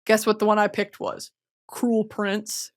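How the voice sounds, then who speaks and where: A young adult woman hosting a podcast, talking in a casual comedic monologue, profane and ranting, swinging from quiet reflection to shouting. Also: medium pitch, monotone, a little slow. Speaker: podcast host.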